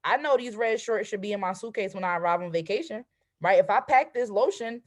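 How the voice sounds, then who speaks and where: Lively woman coaching with constant "right?". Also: medium pitch, brisk. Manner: conversational, keeps asking "right?"; energetic and animated, acts out excited affirmations. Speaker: trading and mindset coach. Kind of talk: motivational solo talk.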